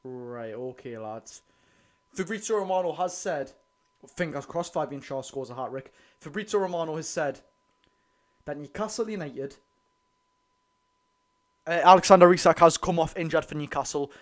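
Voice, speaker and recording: A man with a Geordie accent chatting excitedly to his viewers during a live football watch-along. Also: on the high side, moderate pace, pauses often. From North East England. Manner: chatty, excitable, keeps addressing the lads. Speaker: football fan streamer.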